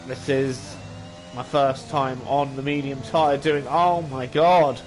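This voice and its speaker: A man's voice: medium pitch, steady tone, slow. A man talking to himself while playing a racing game, self-critical with exasperated outbursts. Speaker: gaming channel host. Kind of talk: casual gameplay commentary. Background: faint game music.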